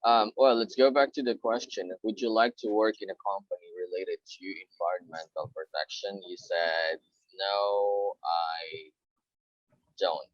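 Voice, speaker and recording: A man coaching a student through English speaking practice, patiently correcting and repeating each word. His voice sits very low and his pace is unhurried. The call audio is dry and somewhat dull. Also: no echo. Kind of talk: one-on-one pronunciation coaching.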